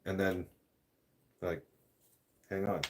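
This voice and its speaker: A man with a somewhat low voice vents on camera in a loose, profane rant. He talks bluntly, circles back on himself and trips over his words as he goes. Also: little pitch movement, takes it slowly, very noisy. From Canada. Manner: blunt, profane, rambling with restarts. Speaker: vlogger. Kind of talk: ranting vlog.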